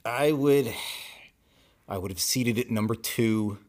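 A man's voice: mid-range voice, slow, darkish tone. A man guesting on a casual podcast as a former co-host, speaking with dry, mock-indignant energy.

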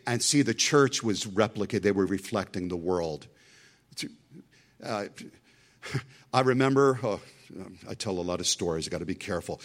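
A middle-aged male pastor delivers a sermon in a lowish voice. He preaches with strong emphasis, breaking off into stories and asides along the way.

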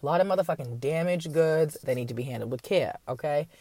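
In a late-night podcast rant, a woman host with a deep voice and dark tone rambles at a quick pace, swearing heavily. She drops wry asides and mocks others by imitating them in mocking voices, and the recording has no echo.

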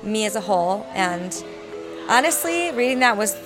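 A woman's voice: mid-range voice, very animated. Candid woman reflecting, with music behind. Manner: thoughtful, candid, slows down to weigh her words. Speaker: interview guest. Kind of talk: reflective interview. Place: backstage after the show.

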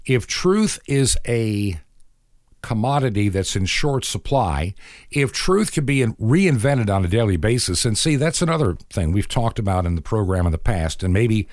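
With a fairly low voice that swings widely in pitch at a normal speed, a middle-aged man hosts a radio program. He preaches in an earnest, moralizing way and acts out bits of dialogue, all recorded in clean studio sound with no room sound.

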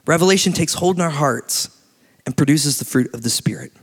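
Animated male preacher in a reverberant hall. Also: fairly high pitch, brisk, breathy edge. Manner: animated storytelling, laughs often. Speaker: pastor. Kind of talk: sermon. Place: church hall.

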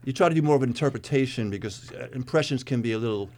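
A man's voice: medium pitch, rapid-fire, darkish tone. A man in his sixties, a guest singer chatting casually on a radio show, talking freely with frequent restarts. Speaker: guest, tribute band singer. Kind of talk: casual chat.

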